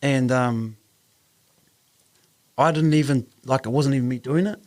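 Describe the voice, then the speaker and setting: A man's voice: medium pitch, a little slow, a little mellow. A man with a New Zealand accent telling a personal story in a casual podcast chat, earnest, acting out the voices of the people in it. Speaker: podcast host.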